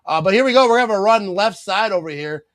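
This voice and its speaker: A man hosts a live stream of a football game, rambling, cracking jokes and shouting out viewers by name. His voice is fairly high and sharp. He is close to a dry mic with no room sound. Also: quick pace, dry recording. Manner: rambling, joking, reads viewer comments aloud; bursts into excited play-by-play on big plays. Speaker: host of a live game watch party. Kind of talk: casual live-stream commentary and chat.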